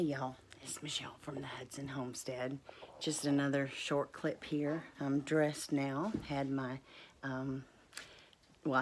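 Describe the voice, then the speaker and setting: A woman's voice: a bass voice, a little mellow, a little hiss or hum. A middle-aged woman, chatting casually in a vlog, rambling and devout, with many fillers and restarts. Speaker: homestead vlogger.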